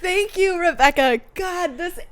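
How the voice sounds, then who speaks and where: A young adult woman co-hosting a casual book podcast, animated and swearing freely while she mimics characters. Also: very high voice, a little slow, slight background noise. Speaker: podcast co-host.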